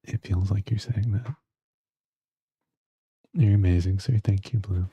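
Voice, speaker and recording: A man's voice: on the low side, fairly even intonation, measured pace, mellow, breathy edge, no room sound, muffled recording. A man streaming live, bantering jokingly with chat and muttering to himself while he plays.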